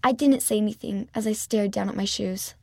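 Woman with a gravelly voice reading a children's story. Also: mid-range voice, steady tone, fairly quick, mellow, no echo, studio quality. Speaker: storybook reader. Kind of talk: reading a children's story aloud in first person.

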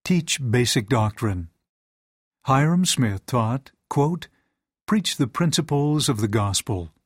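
A man reading lesson material and quotations aloud in an even, measured way. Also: medium pitch, slightly rough, no room sound, clean studio sound. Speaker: reader of a teaching manual.

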